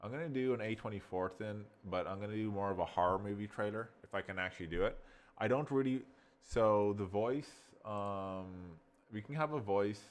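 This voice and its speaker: Rambling, excitable man reviewing software. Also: on the low side, fairly quick. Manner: rambling, excitable, swears, calls the viewer bro. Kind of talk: casual screen-recording review.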